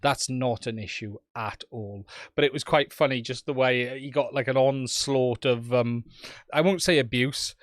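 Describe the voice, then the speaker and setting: A man's voice: mid-range voice, normal speed, fairly bright tone, no room sound, studio quality. A man with a Welsh accent hosting a casual weekly live stream, standing and chatting with viewers by name. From Wales.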